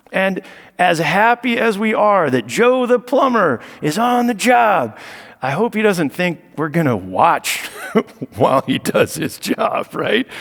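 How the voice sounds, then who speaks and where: A man's voice: high-pitched, creaky, fairly bright tone, big-room sound. A man performing a stand-up comedy set on stage, sarcastic with mock boasting. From United States. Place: stage of a live show venue.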